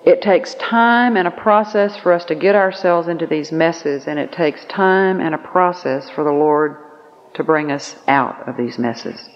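Earnest woman speaker, lo-fi hall echo. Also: low voice. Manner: storytelling, earnest, slow emphatic phrasing. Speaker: conference speaker. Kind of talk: recorded Christian teaching message. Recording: lo-fi recording with long reverb.

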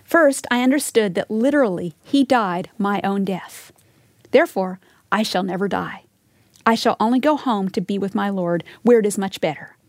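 A woman giving a recorded Bible teaching in an earnest, measured way, sometimes dropping to a soft whisper for emphasis. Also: mid-range voice, no echo, clean studio sound.

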